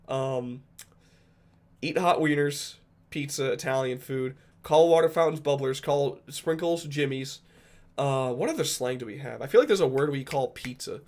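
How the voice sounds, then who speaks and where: A man's voice: medium pitch, normal speed, darkish tone. A man from Rhode Island chatting casually with viewers on a livestream, rambling and joking with a fair amount of profanity. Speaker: streamer.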